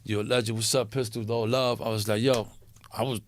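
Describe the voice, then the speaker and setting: An interview guest with a fairly low voice talks briskly over a little hiss or hum, telling stories casually. Streetwise and profane, he swears freely and performs the voices of the people in his tales.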